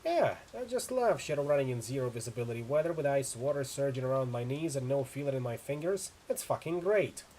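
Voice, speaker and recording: A chilled, sardonic young woman, as a man puts her on while reading a game, grumbling in dry sarcasm. Her pitch wanders in a lively way above the reader's own. A faint ambient hum sits underneath. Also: brisk, hardly any pauses, lightly acted. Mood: sarcastic.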